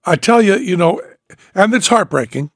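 A man's voice: sits high, animated, moderate pace, fairly bright tone, no echo, clean studio sound. An older man with a sore throat, telling a story in casual chat and acting out the other people's lines. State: sore throat after a procedure. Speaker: podcast host.

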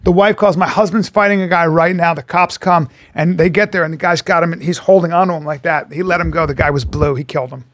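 A man's voice: a little high, fast talker, few pauses, no room sound. A man co-hosting a podcast, telling stories in casual banter and swearing freely. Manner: animated storyteller, swears a lot. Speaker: podcast co-host.

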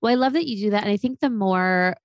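A woman hosts a casual interview, rattling along quickly with eager fillers. Her voice is mid-pitched and sits dry and close to the mic. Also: dry recording. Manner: fast, enthusiastic, lots of fillers. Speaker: podcast host.

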